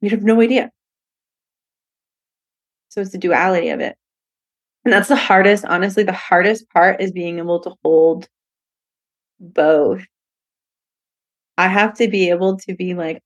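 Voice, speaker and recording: Her voice sits on the lower side, unhurried and full of pauses, and the audio sounds dull. Alone on her podcast, this host is frank and foul-mouthed, laughing often and performing little character voices whenever she quotes someone in her easygoing monologue.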